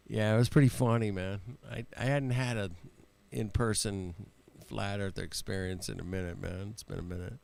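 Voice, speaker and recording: A man's voice: on the low side, steady tone, moderate pace, creaky, darkish tone. A man hosting a casual livestream chat, laid-back and laughing often, calling people man and bro and swearing freely. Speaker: livestream host.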